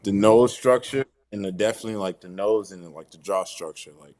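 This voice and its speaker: A man's voice: on the low side, brisk, a little mellow. A man talking as a wrestler guest in a casual interview, laid-back and slangy, calling the host "bro".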